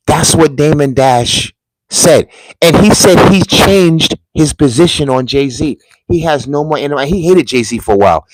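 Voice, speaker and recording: A man's voice: medium pitch, no room sound, poor audio. A man from the United States giving a casual commentary monologue, telling rambling, emphatic stories.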